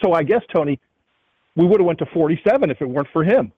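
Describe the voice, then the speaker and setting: A male economist on a radio call, his voice husky and a bit high. He talks in an emphatic, indignant way, pressing his points hard. The sound comes through a muffled lo-fi line with a dry, close feel. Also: lively intonation, fast talker, no echo. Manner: emphatic, indignant, repeats the host's name. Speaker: economist guest. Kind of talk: radio interview. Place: airport, calling in while traveling.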